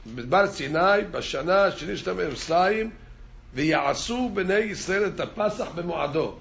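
A man's voice: sits high, expressive, a little slow, vocal fry, a bit bright, dull audio. A man teaching an informal Torah class, repeating words as he restarts and chanting Hebrew verses.

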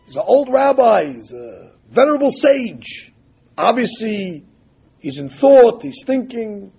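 Casting: emphatic preacher, a man with a high, husky voice, on a dull lo-fi recording. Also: sing-song. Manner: emphatic, drawn-out quoting of texts. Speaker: rabbi or religious teacher. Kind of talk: sermon with storytelling.

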